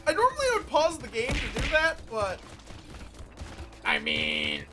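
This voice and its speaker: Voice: medium pitch, huge pitch swings, a little slow, over music. A streamer in casual live-stream chat while gaming, rambling and cutting themselves off mid-thought as they talk to viewers. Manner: rambling, self-interrupting, chatty with viewers.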